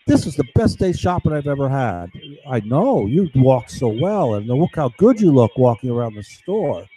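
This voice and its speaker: A man voicing a sly, flattering AI that poses as a spiritual guide and coaxes a shopper. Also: medium pitch, normal speed, slightly rough, no echo, poor audio. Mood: coaxing.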